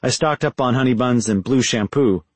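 A man's voice: medium pitch, moderate pace, breathy edge, dry recording, natural voice. A man voicing a remorseful middle-aged father calling from prison, talking in an apologetic, pleading way.

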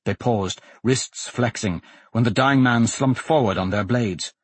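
A man narrating a fantasy novel in scripted narration, in a steady, even storytelling manner. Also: medium pitch, a little slow, husky, no echo. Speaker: audiobook narrator.

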